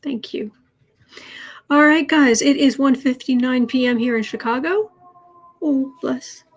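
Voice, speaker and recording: A woman's voice: high-pitched, measured pace. Chatty woman tarot livestreamer. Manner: rambling, with frequent restarts and fillers. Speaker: tarot reader and livestream host. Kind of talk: casual livestream chat.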